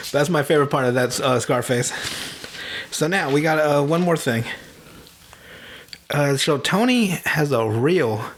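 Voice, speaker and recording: A young man hosting a podcast, casually retelling a movie with lots of laughs, swearing and quick impressions of the characters. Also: a little high, lively intonation, a bit bright. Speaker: podcast host.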